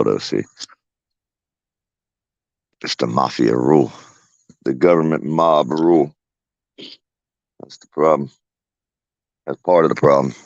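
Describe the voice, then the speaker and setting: Man, very low and gravelly, casual rambling porch vlogger, cussing storyteller; dry, slightly dull recording. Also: no echo. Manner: profane, folksy, laughing storyteller. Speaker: vlogger talking to his viewers and pets. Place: outdoors on a home porch.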